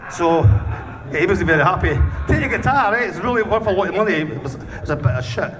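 A man's voice: high-pitched, fast, over music. A Scottish man, a punk band's singer, tells a rowdy anecdote in an interview, swearing constantly and laughing as he goes. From Scotland. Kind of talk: casual storytelling. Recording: distant mic with faint noise.

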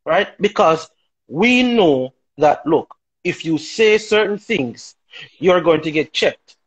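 Guy on a talk show, kinda husky and high, preachy, keeps going "right?". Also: expressive, slow pace, low-quality recording. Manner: emphatic, rhetorical, keeps asking "right?". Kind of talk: opinionated talk show discussion.

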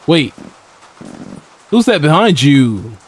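A man's voice: on the high side, very animated, slow, husky. A young man casually commenting on a horror game as he plays, slangy and laughing often, talking back to the characters. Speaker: gaming YouTuber. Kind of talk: casual let's-play commentary.

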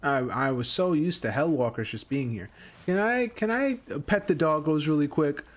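A man streaming a video game, rambling through casual commentary, swearing and getting excited. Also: on the high side, normal speed.

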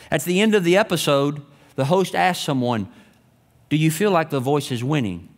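High-voiced pastor preaching with sweeping emphasis. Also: male voice, expressive, normal speed. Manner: emphatic, swinging between raised and hushed delivery. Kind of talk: sermon.

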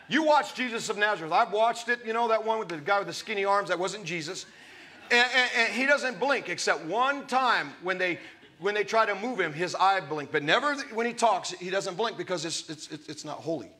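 A man's voice: sits high, lively intonation, brisk, bright, forceful tone. A man preaching a sermon, reading scripture aloud and breaking off into emphatic, conversational asides to his listeners.

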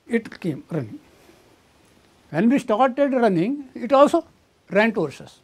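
An older man with an Indian English accent, a coffee estate owner, recounting in an interview how an elephant attacked him, halting and restarting mid-phrase. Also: very high-pitched, very animated, breathy edge. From southern India.

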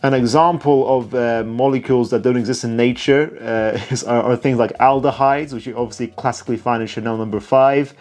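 A man's voice: medium pitch, fairly even intonation, a little fast, hardly any pauses, darkish tone. A man chats through a perfume video as a reviewer, tired but enthusiastic. He talks in a loose, self-mocking way, full of asides. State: tired late at night. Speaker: perfume reviewer reacting to a documentary. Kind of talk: casual reaction commentary.

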